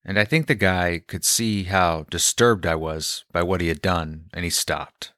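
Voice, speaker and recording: A man calmly telling a personal story, quoting the people he met along the way. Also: deep voice, a little slow, no room sound, studio quality. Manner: calm, reflective storyteller.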